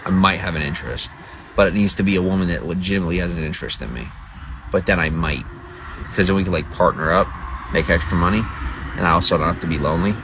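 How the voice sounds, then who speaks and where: A man's voice: deep voice, quick pace, noisy background. A man livestreaming to viewers in casual talk, crude, boastful and rambling. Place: outdoors by a road.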